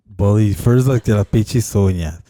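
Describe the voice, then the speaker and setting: A man's voice: on the low side, takes it slowly, dark tone, no room sound. A young man co-hosting a casual podcast, telling stories in a rambling way, swearing and switching between English and Spanish. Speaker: podcast co-host. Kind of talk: casual chat.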